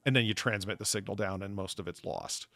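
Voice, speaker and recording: A man's voice: lowish voice, brisk, vocal fry, a bit bright, no echo. A man co-hosting a casual chat show, rambling and profane as he riffs on trivia. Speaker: podcast co-host.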